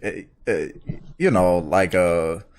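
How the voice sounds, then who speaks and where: A man's voice: low voice, slow, darkish tone. Man asking puzzled questions on a podcast. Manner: puzzled questioning, reasons things out. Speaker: podcast co-host. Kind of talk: casual chat.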